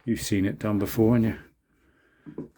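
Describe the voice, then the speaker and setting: An older British man in his sixties, chatting away to his camera in a cramped shed as he works. His voice is dark and mellow, with a loose, rambling flow. He keeps up a running patter with himself as he goes. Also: lowish voice, little pitch movement, moderate pace. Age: 60s. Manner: chatty, rambling, self-talk while working. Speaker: woodworking vlogger. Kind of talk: casual workshop chat to camera. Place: small cluttered shed. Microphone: camera on a mount.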